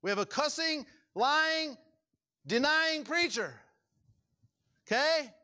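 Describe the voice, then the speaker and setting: A man preaching a sermon as pastor, swinging dramatically between loud high outbursts and hushed low passages, acting out quoted voices. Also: lively intonation, takes it slowly.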